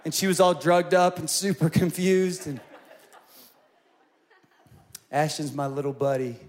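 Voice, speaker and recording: A man in his forties preaching a sermon, telling personal stories in an animated way and rising to loud, emphatic peaks. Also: on the high side, moderate pace. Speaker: pastor.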